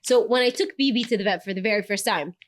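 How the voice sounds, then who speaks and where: A young adult woman, a news presenter, chatting as a podcast guest in an animated, laughing storytelling manner. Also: medium pitch, fast talker. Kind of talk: casual podcast chat.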